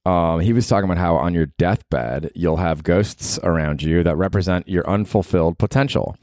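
A man in his forties with a very low voice rambles through a profane comedic monologue, filled with "like". The recording is dry and close, made in a bedroom at night. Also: moderate pace, darkish tone, dry recording. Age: 40s. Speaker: comedian podcast host.

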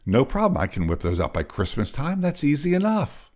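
Brief: man playing an easygoing woman patient, cheerful, pitched up, animated. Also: fairly quick. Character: friendly obliging woman patient who knits.

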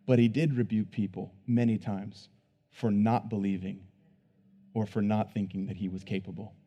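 A man preaching a sermon who swings between hushed, low emphasis and loud, emphatic bursts, repeating words as he builds each point. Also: fairly even intonation, moderate pace, lo-fi sound.

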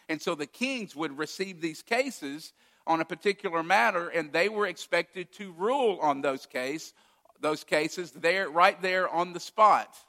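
A pastor preaches a sermon in a fairly high, sharp-toned voice, retelling a story and acting out its quoted lines with feeling. A long hall reverb fills the recording.

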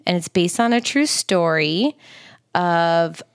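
A woman co-hosting a casual chat podcast, gushing and excitable, quick to swoon over what she sees. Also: lowish voice, clean tone, dry recording, clean studio sound. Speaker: podcast co-host.

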